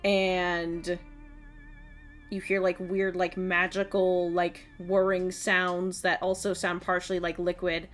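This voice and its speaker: Slow-narrating woman game master. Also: lowish voice, completely flat delivery, soft background music. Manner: descriptive, full of fillers like "like" and "um".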